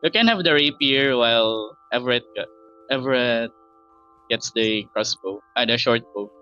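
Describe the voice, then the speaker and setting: A man's voice: mid-range voice, moderate pace, sharp tone, clean tone, muffled recording, soft background music. A man role-playing an adventurer in a casual tabletop game, often restarting his sentences hesitantly. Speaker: player voicing an adventurer.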